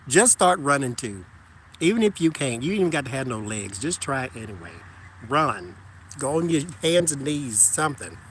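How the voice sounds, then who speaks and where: A man casually chatting with his viewers while walking outside, animated and joking, talking to them as "y'all". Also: medium pitch, normal speed, a little hiss or hum. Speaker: tarot reader chatting with live viewers.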